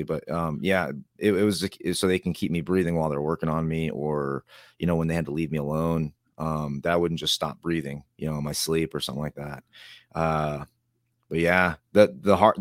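A man's voice: low voice, no room sound, studio quality. A man speaking as an interview guest, rambling and acting out other people's lines with laughs. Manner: rambling, acts out quoted voices with laughs. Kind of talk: casual storytelling interview.

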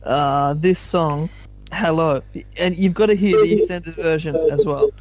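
A man in a casual music discussion, animated and jokey, often laughing at his own stories. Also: a little high, a little slow. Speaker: podcast panelist called Captain.

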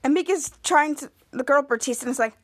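A woman with a high voice and brisk delivery hosts a podcast, casually retelling a TV episode. She acts out the characters' lines in lively voices.

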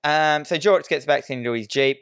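A man's voice: on the high side, normal speed, creaky, a bit bright, smooth, dry recording, clean studio sound. A man, co-hosting a podcast and recapping a horror film in irreverent casual chat, swearing freely. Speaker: podcast co-host.

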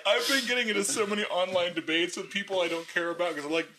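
A man's voice: sits high, quick pace, bright, forceful tone, slight background noise. A man hosting a casual podcast chat, joking around and swearing freely. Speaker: podcast host.

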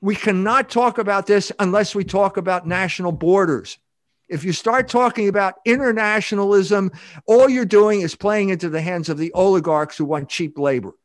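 An older man speaks as a podcast guest, his voice sitting fairly high for a man. He talks emphatically and rambles, restarting sentences as he goes. The sound is dry and close. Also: normal speed, no echo. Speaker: guest author. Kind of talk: podcast interview.

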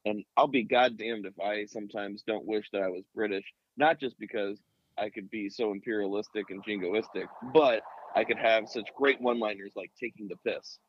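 A man's voice: fairly low pitch, steady tone, moderate pace, dry recording, dull audio. A man co-hosting a casual podcast with wry, crude humor. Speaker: podcast co-host.

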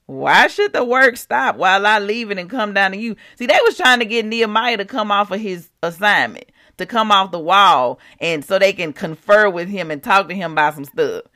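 A woman's voice: mid-range voice, animated, moderate pace, hardly any pauses, bright, forceful tone. A woman hosting a prayer podcast, preaching in a casual, chatty way. She laughs often and acts out scripture scenes.

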